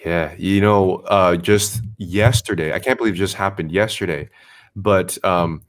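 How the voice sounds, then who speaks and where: Low-voiced male streamer, animated and profane storyteller. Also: a little slow. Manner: animated storyteller, swears freely. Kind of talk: casual chat.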